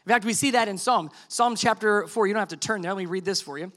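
A middle-aged male pastor delivers a conversational sermon with a high, bright voice. He slips easily into acting out quoted lines and keeps his tone lively. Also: fast talker. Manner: conversational, animated preaching with quoted dialogue.

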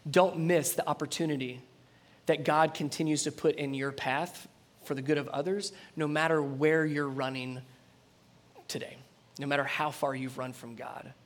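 A high-pitched man delivers a lively sermon from the pulpit. He reads scripture aloud and breaks off to comment, swinging from loud, forceful emphasis to soft, earnest closing appeals. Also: moderate pace. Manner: animated, acts out dialogue, swings between loud emphasis and quiet intensity. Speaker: preacher.

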